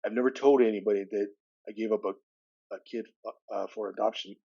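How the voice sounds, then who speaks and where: A man's voice: lowish voice, fast, breathy edge, muffled recording. A man, a podcast guest telling a personal story with acted-out dialogue. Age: 60s. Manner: lively retelling with acted-out dialogue.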